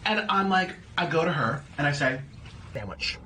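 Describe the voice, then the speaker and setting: A man talking casually to camera as a YouTuber, animated and playful, slipping into silly rhymes and sing-song repeats. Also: a little high, a little fast.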